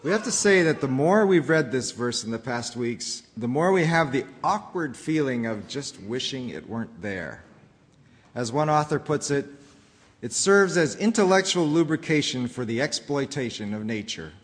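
A man preaching a sermon, reading a rhyming storybook aloud in an expressive, rhythmic way. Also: medium pitch, moderate pace, long reverb tail. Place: church.

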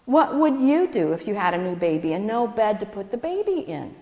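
A woman's voice: mid-range voice, very animated, brisk, darkish tone. Woman reading as a patient mother explaining. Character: patient woman reading scripture to unruly kids. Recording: echoey hall with long reverb.

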